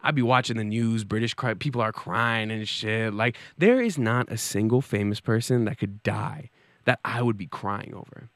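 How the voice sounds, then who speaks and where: A man's voice: lowish voice, normal speed, dry recording, studio quality. A young man in his twenties hosting a comedy show and delivering a joking monologue. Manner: animated, joking, swings into put-on voices. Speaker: host. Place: New York City.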